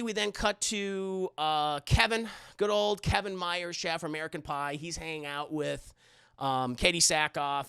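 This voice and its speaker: Crude, rambling man with a gravelly voice. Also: high voice, bright, forceful tone, no room sound, studio quality. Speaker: streamer. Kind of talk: casual movie recap to chat.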